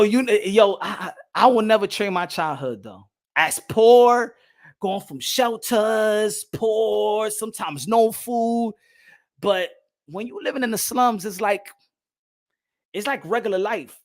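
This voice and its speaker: A man in his twenties hosting a boxing channel livestream in casual chat. He is rowdy, laughs a lot and often shouts. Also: sits high. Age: 20s.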